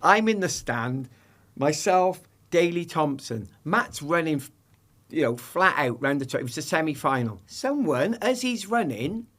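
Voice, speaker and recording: A middle-aged man, a former sprinter, talks as a podcast guest in a lively, jokey way, acting out the voices he quotes. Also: a little high, unhurried. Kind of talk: animated storytelling in conversation.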